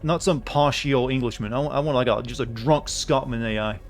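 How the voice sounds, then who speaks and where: A man's voice: mid-range voice, brisk, soft background music. A man doing casual gaming commentary as a streamer, rambling and joking as he thinks aloud.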